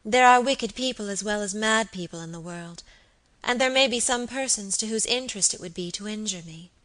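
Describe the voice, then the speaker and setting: A woman reading the part of a sweet but secretive young lady who speaks softly and coaxingly. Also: mid-range voice, brisk, lightly acted. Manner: soft, coaxing, at times whispered. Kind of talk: audiobook character reading.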